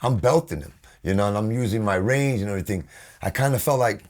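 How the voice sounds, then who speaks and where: A man with a New York accent, a guest telling animated stories in a casual interview, swearing freely and acting out what others said. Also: on the low side, quick pace. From Brooklyn, New York. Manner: animated, swearing, acts out quotes. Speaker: guest vocalist.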